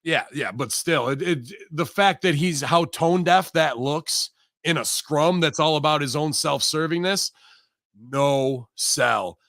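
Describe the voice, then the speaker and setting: A man with a bright, forceful voice rants heatedly through a casual podcast chat, swearing freely and slipping into quoted voices. His pitch sits a little high for a man, and the recording is dry and close, with no room sound. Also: unhurried, no echo. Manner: heated, profane rant acting out quoted voices. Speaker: pro wrestler guest.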